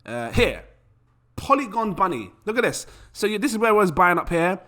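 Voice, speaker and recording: A lively man talking casually to his viewers, his fairly high voice swinging up and down. He sounds bright and forceful, and he keeps throwing out rhetorical questions. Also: normal speed. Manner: animated, chatty, rhetorical questions. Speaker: crypto YouTuber. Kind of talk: casual to-camera talk.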